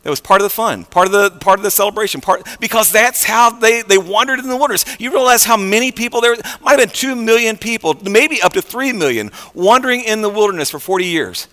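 A bright, forceful male voice, a little higher than most men, giving a sermon. He talks in a loose conversational way, restarting his sentences, and the sound rings out with the long reverb of a large hall. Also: fast talker, hardly any pauses. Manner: conversational, animated, with many fillers and restarts. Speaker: preacher.

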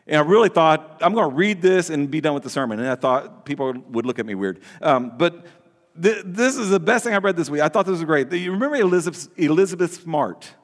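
A man's voice: a little high, expressive, a little fast. A man preaching a sermon as a pastor, talking conversationally, restarting words and asking the congregation questions. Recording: long hall reverb.

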